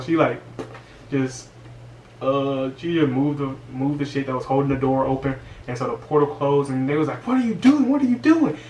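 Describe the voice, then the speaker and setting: A man recaps a movie in an animated, slangy rant at a middling pitch. He sits away from the mic in a roomy space, and faint ambience runs underneath. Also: distant mic, a little hiss or hum. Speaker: movie reviewer.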